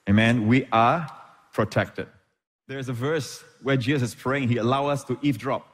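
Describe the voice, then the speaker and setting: A man's voice: medium pitch, moderate pace. Preaching male pastor in an echoey hall. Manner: preaching with frequent amens, Hebrew terms. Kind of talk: sermon.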